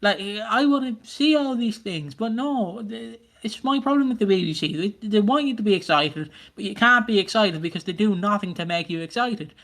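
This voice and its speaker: A man's voice: high-pitched, expressive, moderate pace, few pauses, a bit bright. A man co-hosting a podcast, ranting in casual chat with plenty of swearing and mocking put-on voices. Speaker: podcast co-host.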